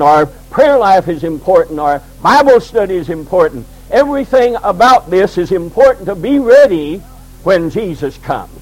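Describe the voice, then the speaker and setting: Male pastor, high-pitched, emphatic repetitive pulpit preaching. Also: darkish tone, low-quality recording. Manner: preaching with repeated emphatic phrases. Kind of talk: sermon. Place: church sanctuary.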